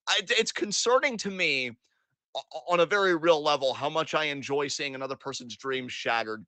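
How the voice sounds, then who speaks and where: In a voice that's a little high, recorded with no room sound, a man co-hosts a wrestling podcast. His recap chat is excitable and profane, and he gleefully performs the lines the wrestlers said.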